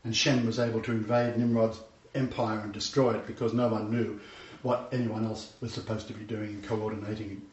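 Earnest preacher in an echoey room. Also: male voice, on the low side, level tone, fairly quick, darkish tone. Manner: earnest, storytelling, emphatic repetition. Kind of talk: sermon. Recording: echoey room, distant mic, dull lo-fi sound.

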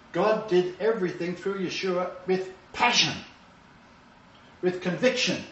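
Older man, sermon, preacher, dramatic loud-to-hushed swings, muffled dull recording. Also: slight background noise. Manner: dramatic swings between loud emphatic bursts and hushed low asides. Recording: roomy, distant, dull-sounding hall recording.

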